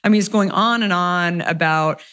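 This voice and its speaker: A woman's voice: on the low side, moderate pace, a bit bright. A middle-aged woman, a company founder, telling her story in a casual interview, peppered with "like" and "you know". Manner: chatty, frequent "like" and "you know" fillers. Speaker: beverage company founder, guest.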